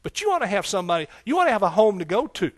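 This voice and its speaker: A man's voice: sits high, sing-song, very fast, dry recording. A man preaching a sermon to his congregation, folksy and conversational, building up to emphatic passages. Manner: folksy, rising to emphatic preaching with scripture quotes. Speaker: pastor. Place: church sanctuary.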